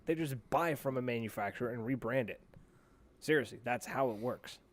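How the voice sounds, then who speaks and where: A man's voice: medium pitch, brisk. A man co-hosting a paintball podcast in casual chat, rambling and blunt, swearing freely. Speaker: podcast co-host.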